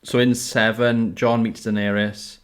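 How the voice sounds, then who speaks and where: A man with a fairly low voice hosts a relaxed home podcast. He rambles, uses many fillers and restarts his points, and laughs often. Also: unhurried, clear, resonant tone. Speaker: podcast host. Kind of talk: casual chat. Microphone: audio-only podcast mic.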